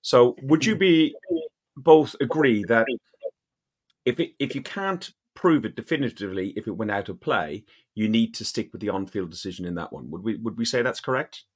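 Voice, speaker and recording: A lower-voiced man on a casual football podcast. He talks through replay clips in a halting way, full of ums and uhs, then asks the others for their view. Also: expressive, slightly rough. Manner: hesitant, lots of ums. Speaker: podcast co-host. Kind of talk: casual chat, match analysis.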